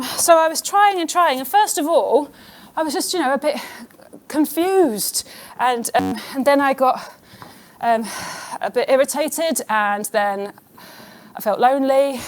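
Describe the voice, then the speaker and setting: Chatty self-deprecating comedienne host. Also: female voice, high voice. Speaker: comedian hosting an awards show. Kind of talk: stand-up comedy routine.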